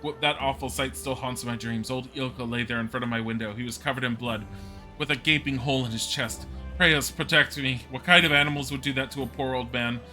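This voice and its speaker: Man reading a tearful gossipy townswoman, bright sharp tone. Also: medium pitch, steady tone, a little fast, soft background music. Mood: distressed. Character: upset middle-aged townswoman witness. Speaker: streamer.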